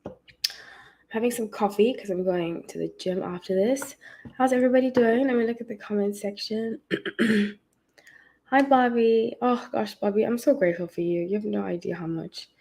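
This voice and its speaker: A woman's voice: medium pitch, moderate pace, a little mellow. A woman hosting a casual tarot livestream from home, chatting with viewers and greeting them by name between rambling asides.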